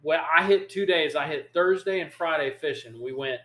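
A man hosting a podcast, telling a long fishing story in an animated, rambling way. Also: on the high side, normal speed. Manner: animated, rambling storyteller who acts out quotes. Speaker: podcast host. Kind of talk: casual storytelling chat. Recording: echoey room.

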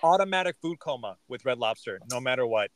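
A man's voice: medium pitch, lively intonation, quick pace, no echo, low-quality recording. A man co-hosting a casual podcast recap, chatty and playful, laughing often. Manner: chatty, giggly, playful asides. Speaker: podcast co-host.

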